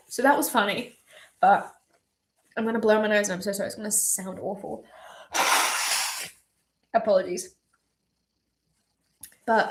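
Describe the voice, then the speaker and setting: A young woman, a singer-songwriter on a livestream, talking candidly and tearfully with lots of swearing and ums. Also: a little high. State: teary, voice wavering. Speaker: singer-songwriter streaming live. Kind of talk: emotional livestream chat.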